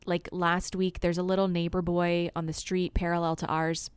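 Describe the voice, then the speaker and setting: A woman co-hosting a podcast, telling relaxed stories about her kids in casual chat. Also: on the low side, normal speed, smooth, no room sound. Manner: chatty, laughs often, relaxed storytelling. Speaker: podcast co-host.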